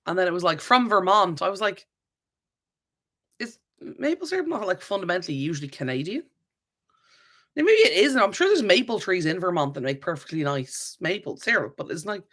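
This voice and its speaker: A woman's voice: lowish voice, fairly bright tone. A woman hosting a live-stream Q&A. She rambles in a chatty way, reads viewer comments aloud, laughs often and corrects herself mid-sentence. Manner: laughs often, many fillers and self-corrections. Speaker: channel host.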